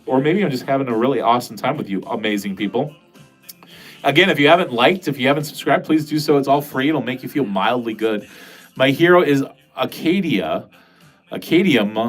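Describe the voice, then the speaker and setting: Rambling, profane man chatting on a livestream. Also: medium pitch. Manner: rambling, profane, self-deprecating. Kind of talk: casual livestream chat, reading out comments. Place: home basement.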